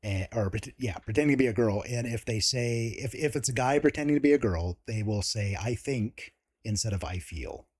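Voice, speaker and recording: A man's voice: mid-range voice, moderate pace, darkish tone, husky. A man hosting a casual interview, chatty and chuckling often between points. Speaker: host.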